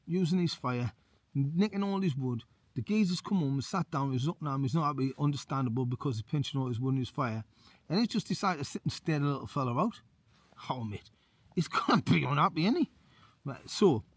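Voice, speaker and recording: A medium-pitched male voice, recorded with no echo. An ex-soldier and outdoor vlogger, he's cold at a winter wild camp as he reads a folk tale aloud, adding matey commentary and saying "mate" a lot.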